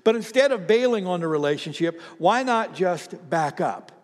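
A man's voice: high voice, normal speed. A man preaching a sermon, telling stories with acted-out voices and calling on the congregation to respond. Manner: animated storytelling, acts out voices, asks the congregation to respond. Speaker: pastor. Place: church hall with congregation. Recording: reverberant hall.

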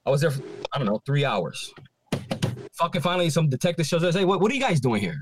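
Fast, animated, swearing storyteller man. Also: on the high side, background noise. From Puerto Rico heritage, living in Philadelphia. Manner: swears constantly, animated retelling with acted-out quotes. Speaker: podcast co-host. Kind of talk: casual profane storytelling.

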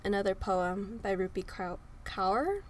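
A woman's voice: mid-range voice, unhurried, bright, forceful tone, slight background noise. A young woman in her twenties hosting a podcast, talking through a personal story in an emotional, tearful way and laughing at herself. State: sniffly from crying. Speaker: podcast host. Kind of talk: personal confessional monologue. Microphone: close microphone.

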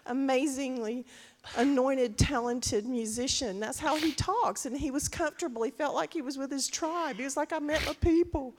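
A middle-aged woman, speaking as a co-pastor to her congregation in an earnest, rambling way with many restarts. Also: sits high. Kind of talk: sermon talk to a congregation. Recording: reverberant church hall.

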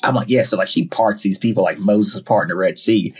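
A husky, low-pitched man with a Southern US accent tells stories in a relaxed podcast chat. He is lively and acts out quotes in quick bursts. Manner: animated, quotes himself and others in quick bursts. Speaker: podcast guest. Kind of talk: casual storytelling chat.

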